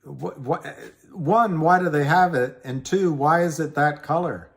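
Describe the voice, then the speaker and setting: A man hosting a casual livestream, chatting slowly and rambling while reading viewer comments aloud. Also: fairly high pitch. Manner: slow, rambling, reads chat comments aloud. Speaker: livestream host. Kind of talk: casual livestream chat about stocks.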